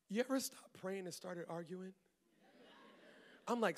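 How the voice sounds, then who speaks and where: High-voiced gravelly preacher in a hall. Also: male voice, normal speed, long pauses. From Maryland. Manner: animated preaching with crowd asides and laughter. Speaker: pastor. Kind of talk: sermon. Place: church auditorium.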